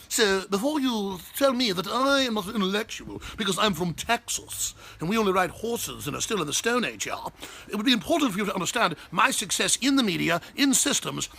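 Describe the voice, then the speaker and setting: A man's voice: high-pitched, creaky, pushed and bright, pitched above the performer's own voice, exaggerated voice. A man putting on a mock English accent to play a condescending male intellectual who lectures in a haughty tone. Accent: put-on English.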